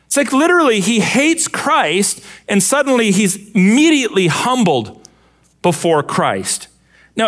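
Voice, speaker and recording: A male pastor preaching a sermon, expressive and using vivid rhetorical questions. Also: sits high.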